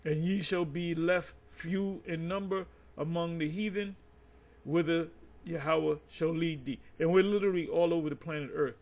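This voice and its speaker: A man reading scripture aloud in halting bits, then breaking into loose ranting commentary full of restarts and stumbles. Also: fairly high pitch, fairly even intonation, darkish tone.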